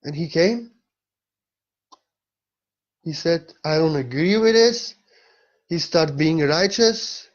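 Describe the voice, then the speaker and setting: A man with a somewhat high voice delivers a spiritual monologue in a blunt, emphatic way. He swears often and uses non-native phrasing. The recording sounds dull and lo-fi. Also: animated, slow, long pauses. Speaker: spiritual teacher.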